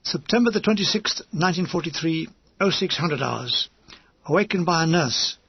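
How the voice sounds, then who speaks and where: A man's voice: fairly high pitch, expressive, moderate pace, slightly rough, no echo, highs cut off. A man reading a comic war memoir aloud as an audiobook narrator, with a wry, dryly comic delivery.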